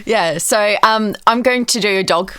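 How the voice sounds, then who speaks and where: A woman co-hosting a podcast, upbeat and quick to laugh. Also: mid-range voice, bright, forceful tone. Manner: giggly, upbeat. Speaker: podcast co-host. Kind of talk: casual podcast chat.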